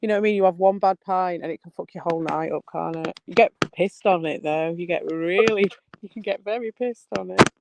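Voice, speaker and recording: A woman's voice: on the low side, brisk, gravelly, hardly any pauses, background noise. A woman in casual chat who reacts to a story with short remarks and laughter.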